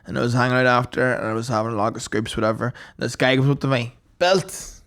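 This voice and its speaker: Man, podcast co-host, storytelling, swears, average pitch. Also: fast talker. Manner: swearing, animated anecdote-telling. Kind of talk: casual storytelling chat.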